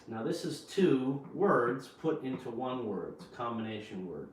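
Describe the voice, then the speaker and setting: A man teaching English pronunciation in a home kitchen, slowly repeating each word in a drill. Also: medium pitch, very animated. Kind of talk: slow vocabulary drill lesson. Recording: echoey room, voice from a distance, faint hiss.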